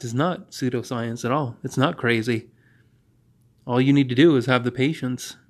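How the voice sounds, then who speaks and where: A man hosting a podcast, telling a story in a monologue and acting out both sides of a conversation with quick restarts. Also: mid-range voice. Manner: animated, reenacts dialogue with quick restarts. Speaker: podcast host.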